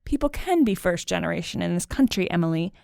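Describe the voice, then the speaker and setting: A woman's voice: lowish voice, animated, fast talker, creaky, a little mellow, dry recording, studio quality. A woman hosting a podcast in casual chat, playful as she leads the segments. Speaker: podcast host.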